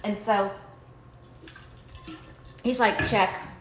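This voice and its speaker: A woman hosting a livestream, telling a faith-based personal story with high energy and acting out the dialogue. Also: moderate pace, a bit bright, a little hiss or hum. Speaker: livestream host. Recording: roomy, echoey room.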